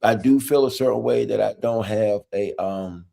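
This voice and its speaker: Gravelly man in playful banter. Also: on the low side, moderate pace, mellow. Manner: playful, teasing, pleading banter. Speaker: podcast co-host. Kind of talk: casual group chat.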